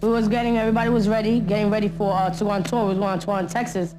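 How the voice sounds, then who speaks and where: A woman speaks candidly in a documentary interview. She is blunt and loose, full of street slang, at a middle pitch, with faint music under her voice. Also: fairly even intonation, very fast, poor audio.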